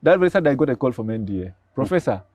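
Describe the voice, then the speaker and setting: Brief: excitable older Ugandan professor, rapid animated storyteller, voices his own dialogue. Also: medium pitch, dry recording. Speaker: guest, pharmacy professor.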